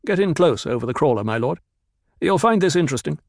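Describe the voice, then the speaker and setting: A clipped, businesslike desert ecologist barking radio calls, as a man puts him on in a raised, higher register. The audio drama take is dry and close, with no room around it. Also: expressive, fast talker, gravelly, dry recording. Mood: matter-of-fact.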